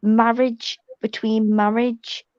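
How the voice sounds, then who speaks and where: A woman with a slightly high voice spins her story in animated, foul-mouthed casual chat. The audio is dry and a little muffled, as from a live online panel. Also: slow, no room sound. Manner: animated storytelling, heavy swearing. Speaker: panel guest.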